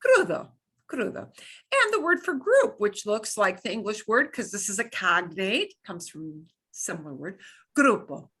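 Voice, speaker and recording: Woman language teacher, bright tone, patient repeat-after-me drills. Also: mid-range voice, sing-song, husky. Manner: demonstrates sounds by slow repetition, playful. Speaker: Spanish teacher. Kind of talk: beginner language lesson.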